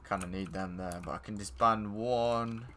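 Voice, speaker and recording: A man's voice: fairly low pitch, steady tone, moderate pace, bright, forceful tone, slight background noise. A man streaming a game live, giving casual commentary full of blunt, profane banter.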